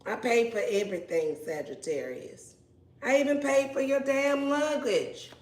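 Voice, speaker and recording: A woman's voice: a little high, unhurried, darkish tone. A woman giving a casual tarot reading in a brash, playful and profane way. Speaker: tarot reader. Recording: roomy echo.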